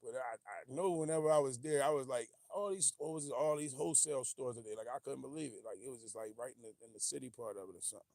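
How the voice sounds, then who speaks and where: A man with hosting a casual livestream, rambling and animated, often losing his train of thought and laughing as he reads viewer comments. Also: medium pitch, fast, creaky, hardly any pauses, dry recording, clean studio sound. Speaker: livestream host.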